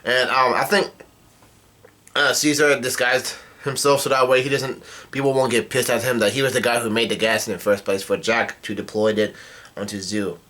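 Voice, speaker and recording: A man's voice: mid-range voice, flat delivery, normal speed, bright, forceful tone. A man casually retelling a comic chapter, rambling along with frequent fillers. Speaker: manga chapter reviewer.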